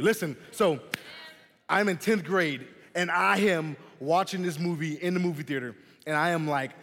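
Young guy youth pastor, kinda high voice, chatty and animated, big hall echo. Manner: animated, chatty, keeps saying "man" and "listen". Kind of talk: youth sermon with personal storytelling. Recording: long hall reverb.

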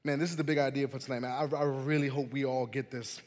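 A young man giving a youth sermon, telling a personal story in an animated, chatty way and often saying "man" and "listen". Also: medium pitch, quick pace. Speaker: youth pastor. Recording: long hall reverb.

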